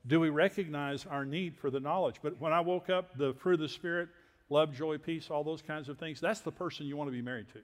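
Folksy older preacher in a reverberant hall. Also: male voice, on the high side, a little fast. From Texas. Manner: folksy, self-deprecating storytelling with quiet asides. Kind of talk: sermon storytelling.

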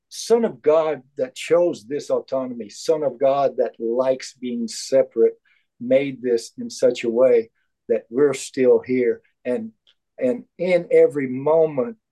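A man sharing his views in a spiritual study group, emphatic and halting, with many restarts. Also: medium pitch, mellow, rough recording. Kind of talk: heartfelt group discussion.

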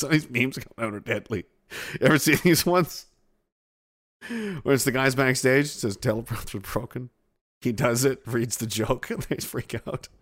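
Animated, profane man streaming. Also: mid-range voice. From Canada. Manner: profane, sarcastic, rambling. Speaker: streamer reading chat. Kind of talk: casual livestream chat.

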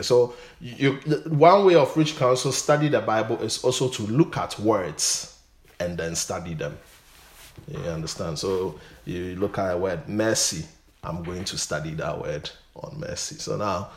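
A man's voice: fairly low pitch, roomy sound. A male pastor giving a Bible study teaching, repeating words and building to emphatic bursts.

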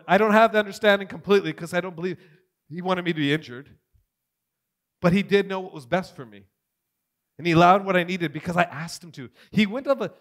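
A man giving a testimony sermon, telling his story with big swings between loud and hushed. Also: high-pitched. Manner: animated storytelling, swings from shouting to near whisper. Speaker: preacher.

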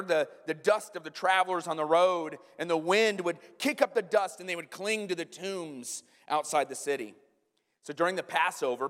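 Male pastor, high voice, animated storyteller with playful asides, preaching in a reverberant church. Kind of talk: sermon. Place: church sanctuary.

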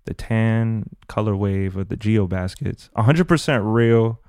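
A man whose first language is French, hosting a casual podcast chat and telling relaxed, friendly stories. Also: on the low side, unhurried, clear, resonant tone, no room sound, clean studio sound. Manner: relaxed, chatty, friendly storytelling.

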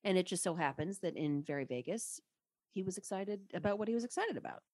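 A woman who narrates audiobooks, chatting as a podcast guest in an expressive, playful way. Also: fairly low pitch, fast. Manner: animated and expressive, with playful restarts. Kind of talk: casual podcast chat.

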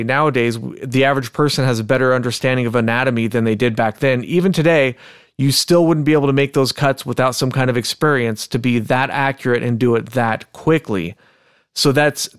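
A man with a mid-range voice co-hosts a casual true-crime podcast. He reads old inquest testimony in a measured, deliberate way. The sound is dry and close, with no room echo. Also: medium pitch, clear, resonant tone. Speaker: podcast co-host.

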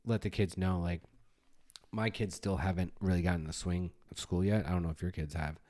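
A man's voice: low-pitched, a little fast. A man in his forties co-hosting a podcast about fatherhood, telling stories casually and acting out his own scolding. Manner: animated storyteller, acts out his own scolding. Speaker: podcast co-host. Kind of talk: casual chat.

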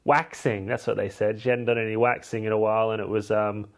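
A man's voice: on the low side, level tone, a little fast. A man hosting a podcast, recapping a film in a cheeky, irreverent, chatty way. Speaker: podcast host.

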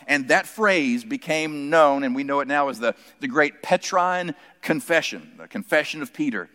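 A man's voice: medium pitch, lively intonation, moderate pace. Man preaching in a reverberant hall. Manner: storytelling, drops to soft emphatic quotes. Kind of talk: sermon. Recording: long reverb from a large hall.

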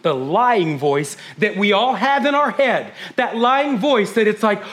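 A middle-aged man preaching a sermon as pastor, fast and intense, swinging from hushed whispers to loud bursts. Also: sits high, expressive.

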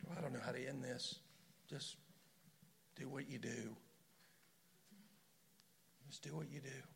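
A man preaching a sermon in a prayer room, passionate and conversational, swinging from loud to hushed. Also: medium pitch, fairly even intonation, unhurried, creaky, slight background noise.

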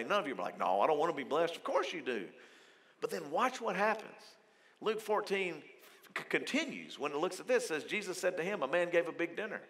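A male pastor preaches in a lively, conversational way, slipping into voices for the people in his story. His voice sits high and bright, with pitch that swings widely. The sound carries a long reverb from a large church auditorium. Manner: lively, conversational preaching with frequent acted quotes. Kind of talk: sermon.

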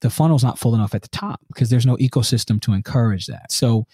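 Fast-talking, with a mid-range voice and a breathy edge, this man is a podcast interview guest recorded dry and clean in a studio. His tone is earnest and animated, and he often asks "right?" rhetorically.

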